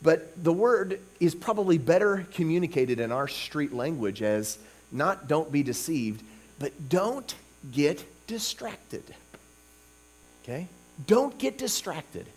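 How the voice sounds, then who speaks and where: Animated preacher man with a lively pitch. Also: moderate pace. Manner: conversational, peppered with "okay?" and "you know"; swings between soft asides and loud emphatic bursts. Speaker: revival preacher. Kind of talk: sermon.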